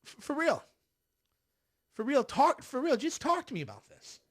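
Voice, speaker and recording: A middle-aged man with a high-pitched voice hosts a political livestream. He sounds sarcastic and exasperated, sighs often, and mocks the people he talks about. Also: huge pitch swings, moderate pace, a bit bright. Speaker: livestream host.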